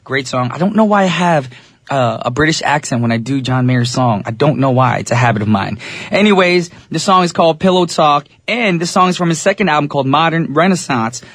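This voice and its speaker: A young man hosting a radio show in a studio, chatting casually and talking straight to his listeners, his voice a little raspy. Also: fairly high pitch, lively intonation, fairly quick, a bit bright, no echo. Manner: easygoing, chatty, addresses listeners directly. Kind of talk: English-language radio DJ chat.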